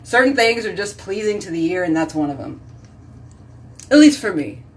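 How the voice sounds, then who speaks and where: A woman's voice: fairly low pitch, big pitch swings, normal speed, recorded from a distance. A woman hosting a casual live stream, chatting with viewers by name and rambling from topic to topic. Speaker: host reading live chat.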